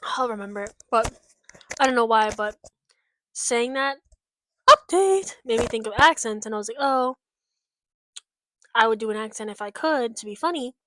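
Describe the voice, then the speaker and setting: A woman's voice: a little high, lively intonation, normal speed, pauses often, fairly bright tone, slight background noise. Frank, rambling young woman vlogger. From United States. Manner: rambling, frank, swears often, many fillers. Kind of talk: casual chat.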